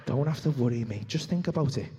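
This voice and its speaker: A man's voice: medium pitch, lively intonation, fast talker, dark tone, a little hiss or hum, voice pushed down, close to an everyday voice. A man voicing the sly male impulse voice in his own head, coaxing and wheedling.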